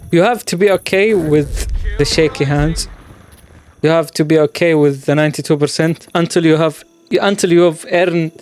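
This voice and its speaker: A man's voice: fairly high pitch, darkish tone, slight background noise. A man hosting a gaming channel, talking over his gameplay in a reflective, musing way, with the odd playful exclamation.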